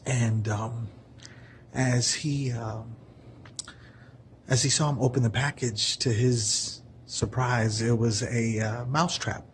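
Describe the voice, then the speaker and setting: A vlogger tells a parable in a soft-spoken, medium-pitched male voice, going slowly with fairly even intonation and keeping his voice down. His earnest, casual storytelling is full of fillers, and there's a little hiss or hum.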